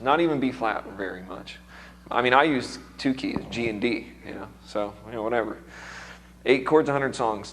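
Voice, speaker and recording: A man's voice: on the low side, slight background noise. A man with a strained, recovering voice, teaching music theory to a seminar class in a casual, chatty way and quizzing the students.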